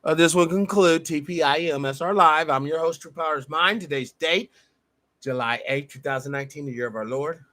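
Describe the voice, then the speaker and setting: A man's voice: a little high, normal speed, bright, forceful tone, dry recording. A man hosting a live podcast, giving a fervent, preacher-like address to his listeners. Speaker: podcast host. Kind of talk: impassioned live-show monologue.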